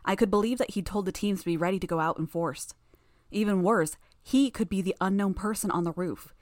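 A woman narrating first-person fiction in an even, steady reading voice. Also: mid-range voice, fairly quick, no echo, studio quality. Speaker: audiobook narrator.

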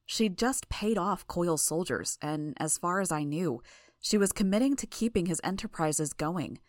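A woman reading a first-person audiobook in a measured, even way. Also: fairly low pitch, dry recording, clean studio sound. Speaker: audiobook narrator.

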